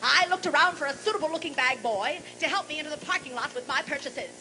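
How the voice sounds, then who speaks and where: On stage in a large, boomy hall, a woman who does comedy and singing rattles off bawdy jokes, animated and fast. Her high voice is brassy, her manner salty and mock-forgetful, and loud audience noise never lets up.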